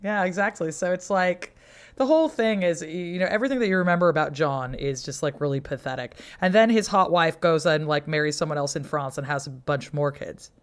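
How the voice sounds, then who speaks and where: A woman's voice: deep voice, a little fast. A woman co-hosting a history podcast, chatting casually with wry, profane humor and sounding tired. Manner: chatty, wry, swears freely, acts out quotes. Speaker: podcast co-host, medieval historian. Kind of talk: casual chat.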